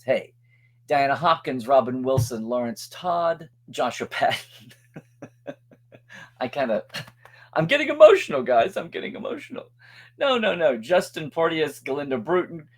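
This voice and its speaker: A man hosting a casual weekly web show, chatty and upbeat, with plugs and thank-yous to supporters. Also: a little high. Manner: chatty, upbeat, reads out supporter shout-outs. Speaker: show host.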